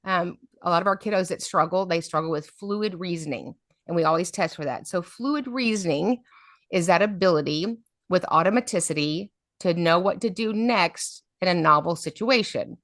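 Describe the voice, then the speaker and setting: Middle-aged woman, storytelling guest, lower-pitched, dry close sound. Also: normal speed, no room sound. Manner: lively storyteller, often adds "right?". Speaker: special education advocate, guest. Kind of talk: storytelling interview talk.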